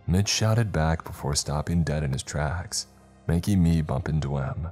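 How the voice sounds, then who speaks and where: Brief: male horror storyteller, very low and steady, with faint music underneath. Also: normal speed. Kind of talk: scripted first-person horror narration.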